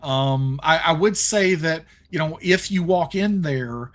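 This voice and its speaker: A man's voice: a little high, slow. Southern man running a tabletop game. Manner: hesitant, many ums and restarts. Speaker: game master.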